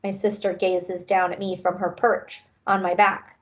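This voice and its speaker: A woman reading a children's novel aloud, raising her pitch and energy for the characters' lines. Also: flat delivery, a little slow, hardly any pauses. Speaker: reader. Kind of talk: audiobook-style read-aloud.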